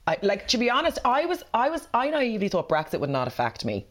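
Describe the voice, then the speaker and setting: A woman co-hosting a podcast in casual chat, sarcastic and swearing, with deadpan jokes, recording remotely from home. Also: on the high side, fast. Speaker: podcast co-host.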